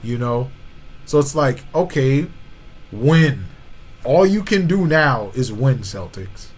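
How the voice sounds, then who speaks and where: A man with a medium-pitched voice and lively intonation talks slowly as he argues basketball on a podcast he co-hosts. He uses casual slang, often says "you know what I'm saying," and the recording is rough.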